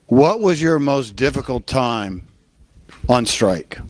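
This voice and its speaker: A man's voice: mid-range voice, lively intonation, takes it slowly, slight background noise. A man moderating a union panel, frank and direct in how he speaks. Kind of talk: panel talk.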